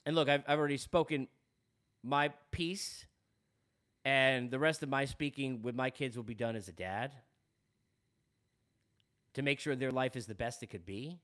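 A man's voice: mid-range voice, normal speed, pauses often, fairly bright tone. A man with a Long Island New York accent, hosting a podcast and speaking earnestly and candidly in a personal monologue, often repeating words as he goes. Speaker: podcast host.

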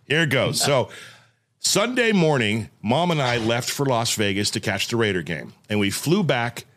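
Animated man telling a story. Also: medium pitch, normal speed, slight background noise. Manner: animated storyteller, acts out voices. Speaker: podcast host. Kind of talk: casual chat.

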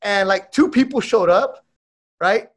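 A man, a podcast co-host telling stories in slangy, animated casual chat. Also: high voice, unhurried.

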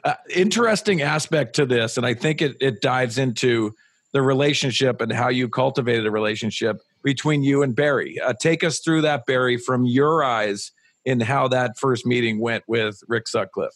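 A man hosting an interview, asking his questions in a halting way with many restarts. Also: mid-range voice, no room sound. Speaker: podcast host, former player.

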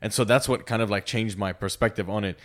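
Young guy from lebanon, lowish voice, rambly casual podcast chat, tons of "like". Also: steady tone, fast talker. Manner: rambling, lots of fillers, breaks into put-on accents.

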